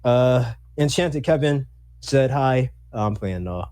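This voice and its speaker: A man in a casual group voice chat, talking in laid-back slang and calming others down. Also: mid-range voice, takes it slowly, dry recording. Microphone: mic on a voice call. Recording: heavy noise on a voice chat mic.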